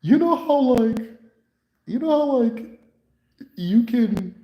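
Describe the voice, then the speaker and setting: A man doing a squeaky, rambling patient. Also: expressive, mellow, roomy sound, full character voice, poor audio. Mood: eager, dismissive. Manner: high, squeaky, halting with many "like"s. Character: eager, rambling, touchy male psychiatric patient.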